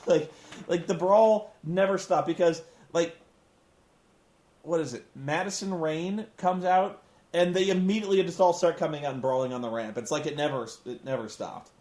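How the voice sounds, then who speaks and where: Sarcastic high-voiced man ranting, roomy sound. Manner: sarcastic, animated, swearing. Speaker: wrestling show reviewer. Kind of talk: comedic recap rant.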